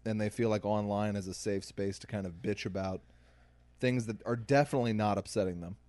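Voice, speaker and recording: A young man co-hosting a podcast, telling stories in casual, animated chat. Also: on the low side, dry recording. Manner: animated storyteller, quick asides. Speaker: podcast co-host.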